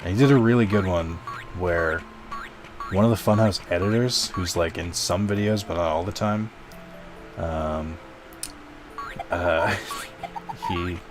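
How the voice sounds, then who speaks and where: A man's voice: sits low, a little slow, pauses often. A man streaming a video game, rambling casually to his chat and swearing now and then. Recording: game music underneath.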